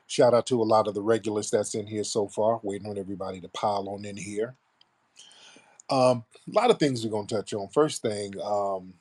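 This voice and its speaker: A man's voice: fairly low pitch, a little mellow. A man hosting a live political commentary show, blunt and mocking, with rambling asides. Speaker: radio show host.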